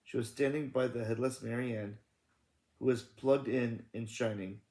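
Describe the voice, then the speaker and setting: A man's voice: mid-range voice, fairly even intonation, moderate pace, a little mellow. A man reading a children's book aloud in a casual, self-correcting way, stopping to comment. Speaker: read-aloud narrator.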